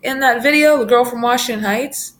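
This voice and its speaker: A woman quoting a smitten, slow-witted young man on a date, eager and earnest. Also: a little high, pitched above the performer's own voice, close to an everyday voice.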